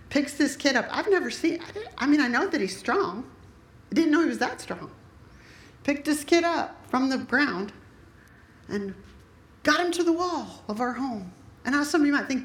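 A middle-aged woman preaching a sermon, telling family stories in a lively, animated way and acting out what people said. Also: a little high, roomy sound. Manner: animated storyteller, acts out quotes. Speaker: pastor's wife preaching.

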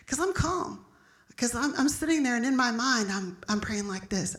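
A woman's voice: medium pitch, a little fast, a bit bright, roomy sound. A middle-aged woman pastor preaching an emphatic, storytelling sermon.

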